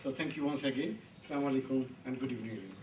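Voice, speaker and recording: A man's voice: medium pitch, rapid-fire, heavy background noise. Guy making a short unplanned speech, lots of uhs, distant mic, crowd chatter and echo behind him. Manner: hesitant, with frequent uhs. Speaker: business chairman invited to speak. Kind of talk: impromptu formal speech.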